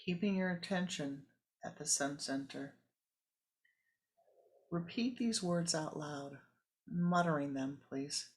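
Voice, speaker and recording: A spiritual teacher giving a sermon, telling a parable calmly and guiding a meditation. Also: medium pitch. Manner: calm, measured storytelling with pauses.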